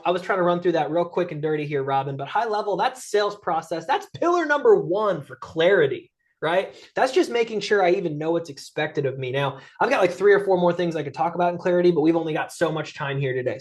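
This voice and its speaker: An energetic, middle-aged male sales coach talks through a webinar presentation in a lively, conversational way. His voice sits a bit higher than most men's, and he keeps tagging his points with quick check-ins to the audience. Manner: energetic, conversational, peppers lines with "right?" and "guys". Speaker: guest speaker and sales coach.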